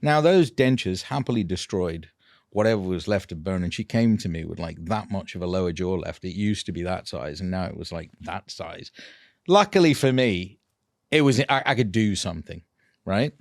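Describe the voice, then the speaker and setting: A man, a dental implant clinician telling a patient story in a casual, animated way, laughing often. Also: low voice, normal speed, dry recording, studio quality.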